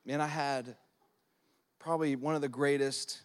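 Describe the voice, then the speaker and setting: A man in his thirties or forties, a pastor preaching a sermon in a lively, conversational way, using props and acting out prayers. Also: mid-range voice, a little slow, clear, resonant tone. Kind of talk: sermon with object lessons. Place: church service.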